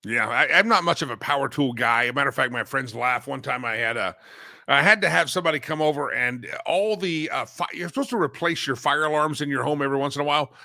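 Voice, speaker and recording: A man hosting a talk show, telling stories in a lively, animated way with frequent laughs and sudden loud bursts. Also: mid-range voice, fast, gravelly, no room sound, studio quality. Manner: animated storyteller, laughs often, swings loud. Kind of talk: casual talk show banter.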